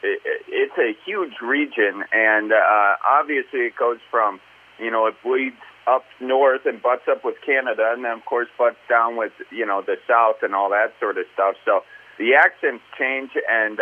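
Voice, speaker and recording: A man's voice: medium pitch, a little slow. Man on a tinny phone line. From American Midwest. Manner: loose, filler-heavy, restarts often. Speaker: comedian guest. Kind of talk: casual interview chat.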